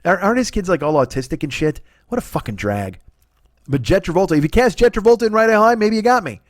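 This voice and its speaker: Very animated and quick, a middle-aged male comedy podcast host rants profanely in a high voice, restarting as he stammers and dripping sarcasm. The mic is close and dry, with no room sound.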